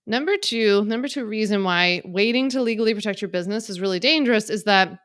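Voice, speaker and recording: A woman's voice: medium pitch, fast talker, fairly bright tone, clear, resonant tone, dry recording, clean studio sound. A woman from Philadelphia hosting her own podcast, talking frankly and casually with lots of "like" fillers from her office. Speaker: podcast host. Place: home office. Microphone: on video in office.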